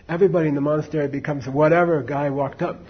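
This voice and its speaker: Male teacher, husky, chatty storyteller with asides, dull recording. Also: fairly high pitch, fairly even intonation, rapid-fire. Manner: conversational, many fillers and asides to the audience. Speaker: Buddhist teacher. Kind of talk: casual dharma talk, storytelling.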